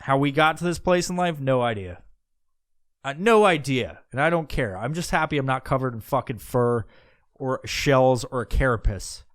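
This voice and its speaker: A man's voice: mid-range voice, lively intonation, normal speed, no echo, clean studio sound. A man hosting a podcast, musing aloud in a meandering, profane way, with many restarts and asides. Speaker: podcast host. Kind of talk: casual rambling monologue.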